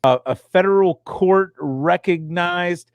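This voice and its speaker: A middle-aged man hosting a podcast, joking and excitable, often restarting his sentences. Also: high-pitched, slow pace, dry recording, dull audio. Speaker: podcast host. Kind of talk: casual chat.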